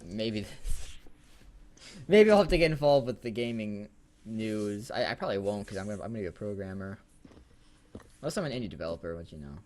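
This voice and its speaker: Young guy rambling on a podcast, swears a lot, pitch all over the place. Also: lively intonation, brisk, pauses often, a little mellow. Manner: rambling, laughs often, swears casually. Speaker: podcast co-host. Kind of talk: casual chat.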